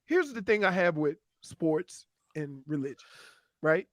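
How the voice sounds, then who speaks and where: A man co-hosting sports radio, animated and mocking in casual banter. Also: high voice, moderate pace, dry recording, studio quality.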